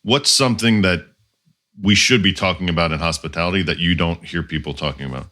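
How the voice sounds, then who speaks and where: A man hosting a podcast, asking halting questions full of fillers. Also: low-pitched, bright, forceful tone. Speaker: podcast host. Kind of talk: casual interview questions.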